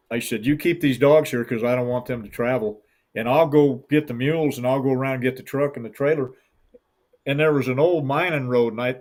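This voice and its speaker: A middle-aged man who guides hunts with hounds, telling a long story in an interview in a folksy, rambling way and acting out the voices of the people in it. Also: medium pitch.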